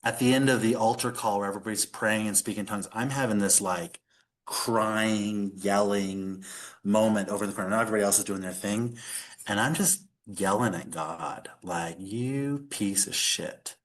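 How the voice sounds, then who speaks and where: A man's voice: fairly low pitch, fairly even intonation, brisk. A middle-aged man, a podcast guest, telling a personal story in earnest conversation, with many fillers.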